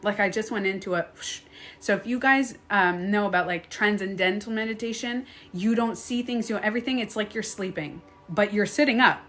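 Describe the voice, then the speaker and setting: A woman's voice: medium pitch, fairly quick, a bit bright, faint music behind. A middle-aged woman hosting a live stream, telling a story casually, laughing often and acting out her own reactions.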